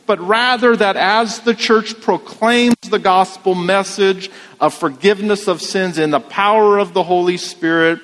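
Slow-preaching man in a reverberant hall. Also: sits high, a bit bright. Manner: measured, emphatic, rhetorical questions. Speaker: pastor. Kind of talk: sermon.

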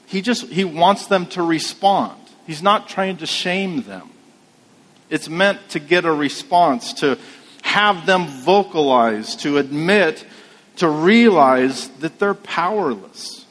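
A man delivers a sermon at an unhurried, deliberate pace, talking to the congregation in a relaxed, conversational way. His voice sits a little high, and it rings out with the long reverb of a large hall. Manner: slow, conversational preaching with anecdotes. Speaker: pastor.

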